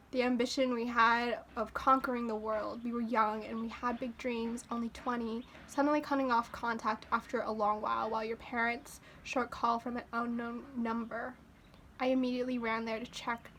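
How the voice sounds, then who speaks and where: A young woman with a fairly high, slightly bright voice vlogs her first reaction to an album, speaking at a normal speed with a flat delivery. She talks casually but gets openly emotional, gushing and exclaiming between thoughts in this music reaction commentary. Music plays behind her, and there's slight background noise.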